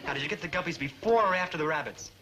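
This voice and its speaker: An actor playing a goofy young beatnik sidekick who talks in hip slang and whines when pressed. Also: male voice, a little high, racing, over a noisy crowd, natural voice. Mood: smitten. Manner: beatnik slang, whiny pleading, mumbly. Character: goofy teen male beatnik buddy, slangy, easily spooked. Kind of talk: 1960s sitcom acting. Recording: noisy old TV soundtrack.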